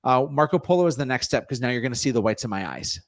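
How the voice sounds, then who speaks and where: A man guest, a real estate coach, answering interview questions in an energetic, salesy way. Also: mid-range voice, fast talker, no room sound, studio quality. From North Dakota. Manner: energetic, salesy, plugs his offers.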